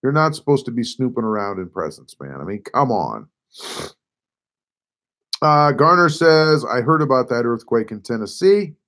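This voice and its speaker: A man with a hoarse, failing voice hosting a casual live stream, reading out viewer comments and answering them offhandedly. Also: mid-range voice, big pitch swings, moderate pace, fairly bright tone. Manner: reads viewer comments aloud and replies offhandedly. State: hoarse, voice nearly gone.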